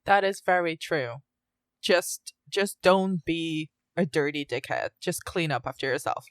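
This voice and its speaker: A woman co-hosting a podcast, lively, laughing a lot and asking her co-host questions. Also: low-pitched, unhurried, dry recording. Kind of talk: casual film chat.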